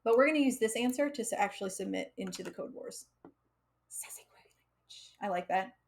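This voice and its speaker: A woman's voice: medium pitch, fast, gravelly. An American woman teaching coding on a live stream, chatty and laughing often, with frequent fillers. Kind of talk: casual live coding lesson.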